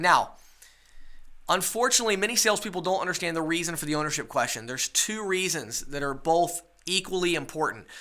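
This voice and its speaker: A man's voice: on the high side, pushed and bright. A man teaching a webinar sales lesson, coaching his listeners and checking in with rhetorical questions. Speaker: sales trainer.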